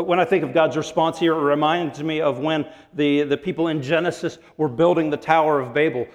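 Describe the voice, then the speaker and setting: A man preaching a sermon as pastor, animated, acting out quotes and laughing often. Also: fairly high pitch. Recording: long hall reverb.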